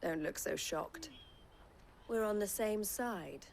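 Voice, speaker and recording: In a video game cutscene with faint music behind, an actress voices a gracious yet shrewd businesswoman who runs a caravan company, polished and slyly teasing. Her medium-pitched voice is gravelly, animated and slow, with slight background noise.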